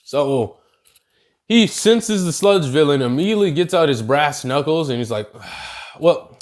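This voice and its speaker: A young adult man telling an anime what-if story in a casual, slangy, animated way, talking to viewers as y'all. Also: on the high side, measured pace. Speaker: YouTuber.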